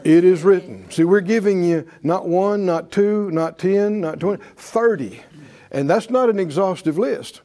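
A man with a high-pitched, dark-toned voice preaches unhurriedly, reading verses with emphatic rhythm and leading the congregation in repeated call-and-response.

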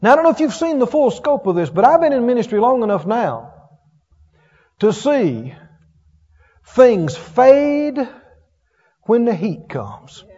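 Folksy high-voiced preacher in a hall. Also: male voice, very animated, a little slow, pauses often, breathy edge. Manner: folksy, chuckling, swings from loud to hushed. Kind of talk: sermon. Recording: dull reverberant hall sound.

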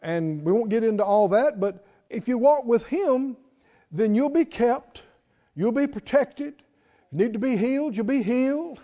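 A man preaching a sermon, folksy and emphatic, drawing out scripture quotes slowly and asking his listeners questions. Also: very high voice, expressive, warm tone. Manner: folksy, asks the audience questions. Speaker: pastor. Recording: dull lo-fi recording in a reverberant hall.

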